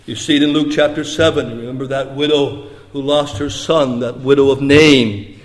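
A man preaching a sermon as pastor. He moves between hushed, low passages and raised, emphatic lines. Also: fairly even intonation, moderate pace, long reverb tail.

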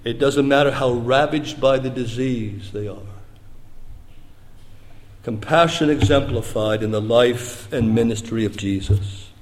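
A man preaching a sermon as pastor. He moves between hushed, low passages and raised, emphatic lines. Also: in a large hall.

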